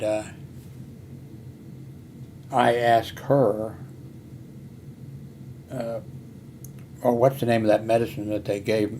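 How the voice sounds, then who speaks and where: A man's voice: fairly low pitch, mellow, slight background noise. An older man who is hard of hearing, telling a meandering personal story full of fillers and restarts. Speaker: vlogger.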